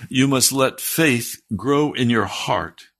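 A man with a husky voice preaching a sermon, earnest and building to fervent emphasis. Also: medium pitch, slow, a bit bright.

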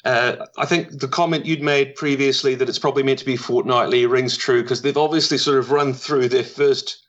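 A man with a New Zealand accent, a podcast guest recapping in a rushed, self-deprecating way. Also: medium pitch, fairly even intonation, fairly bright tone, dull audio. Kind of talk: casual chat.

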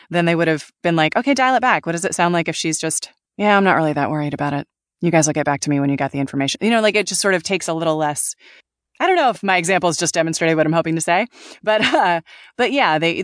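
Animated woman voice actor, dry sound. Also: on the low side, no room sound. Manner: animated, laughs often, trails off and restarts. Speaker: voice actor guest. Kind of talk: casual interview talk.

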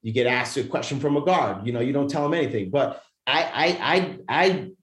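A man telling a personal story as a podcast guest in casual talk, animated and profane, often restarting his sentences. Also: medium pitch, brisk. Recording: roomy echo.

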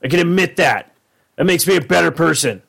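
A man co-hosting a podcast, talking casually in a rambling, profane, animated way. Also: a little high, brisk, gravelly, breathy edge. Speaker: podcast co-host.

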